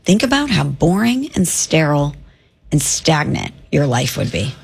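A woman's voice: deep voice, big pitch swings, moderate pace, vocal fry, breathy edge. A woman co-hosting a sports radio show, arguing her side with teasing remarks. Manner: teasing, argumentative. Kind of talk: casual radio banter.

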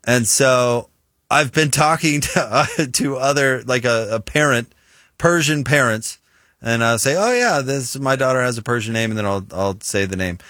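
A man with a Utah American accent, a sports radio host in casual on-air banter, chatty and animated when making a point. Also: medium pitch, moderate pace, no room sound, clean studio sound.

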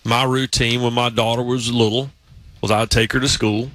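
A man's voice: mid-range voice, level tone, normal speed, a bit bright, dry recording. A man hosting a sports talk show, telling long stories in a casual, rambling way. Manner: storytelling, rambling with restarts. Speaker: podcast host.

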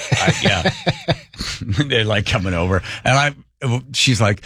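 A man's voice: on the low side, a little slow, pauses often, fairly bright tone, husky, dry recording. A male radio talk show host chatting casually and telling rambling, joking stories. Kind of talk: casual on-air chat, storytelling.

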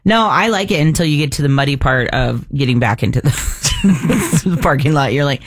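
A woman hosting a radio morning show, chatting casually and running through promos quickly. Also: low-pitched, big pitch swings, husky. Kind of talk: casual on-air banter.

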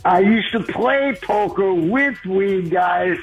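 High-voiced guy calling in all fired up, slow talker, muffled lo-fi line. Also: lively intonation, soft background music. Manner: fired up, earnest, rambling. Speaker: regular caller. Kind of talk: phone-in radio call. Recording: dull lo-fi phone-in line.

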